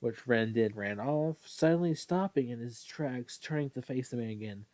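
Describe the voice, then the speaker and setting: A man's voice: medium pitch, normal speed, darkish tone, no room sound. A man casually reading a fan story aloud, often stumbling, correcting himself and apologizing. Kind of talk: casual read-aloud with asides.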